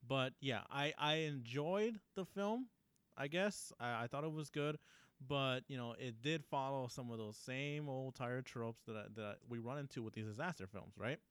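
Young guy chatting about a movie, bright smooth voice, dry close mic, keeps saying right?. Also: mid-range voice, moderate pace, no echo. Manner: animated, riffing, many fillers and "right?". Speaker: co-host. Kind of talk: casual film review chat.

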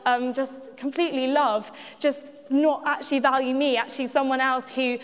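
A woman's voice: high voice, fairly even intonation, moderate pace. A woman giving a personal testimony at church, chatty and self-mocking, with frequent laughs and asides to the audience. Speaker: church speaker. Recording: echoey hall.

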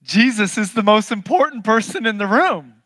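A preacher delivering a sermon in an animated, emphatic way, pressing the listeners with question after question. The voice sits in a middle register and moves between loud bursts and hushed, low stretches. The recording is dry and close, with no room echo. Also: moderate pace. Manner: animated, emphatic, asks many rhetorical questions; swings from loud bursts to low, quiet passages.

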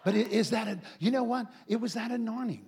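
A man preaching a sermon as a comic story, animated and laughing, often acting out voices. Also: high voice, fast talker, noisy background.

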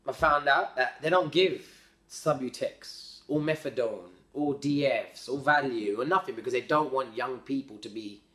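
A man telling his story as a podcast guest in a slangy, rambling, animated way. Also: mid-range voice, normal speed, hardly any pauses. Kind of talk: casual storytelling. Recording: roomy echo.

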